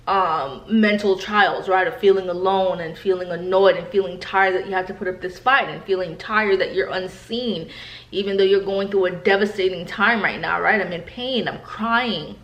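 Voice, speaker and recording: A woman in her thirties from New York shares personal stories in a candid, conversational vlog. Her voice sits a little low, and she keeps turning to address her viewers. The room around her rings with echo. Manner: candid, chatty, often addresses viewers directly. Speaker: vlogger. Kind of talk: personal storytelling to camera. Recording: echoey room.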